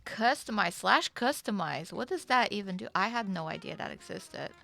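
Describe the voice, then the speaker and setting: A woman streaming a game, chatting casually, excitable, swearing, and answering chat. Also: mid-range voice, moderate pace, creaky, faint music behind.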